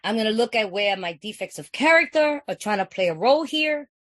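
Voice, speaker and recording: A woman's voice: fairly high pitch, animated, fairly quick, no echo. A woman from California giving an earnest, conversational personal share at a recovery meeting, repeating phrases and often asking "you know what I'm saying".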